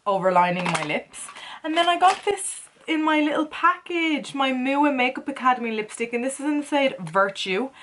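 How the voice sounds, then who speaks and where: Her voice sitting high, a woman makeup vlogger walks through a tutorial in a chatty, playful way, talking to herself while she works. She's expressive and a bit bright, speaking at a moderate pace over a little hiss or hum.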